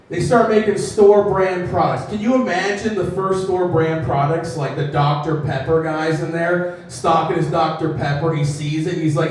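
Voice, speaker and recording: A man's voice: high voice, fairly even intonation, moderate pace, hardly any pauses, far from the mic. A man doing a stand-up comedy set, self-deprecating and acting out characters in voices, recorded in an echoey room from off the mic.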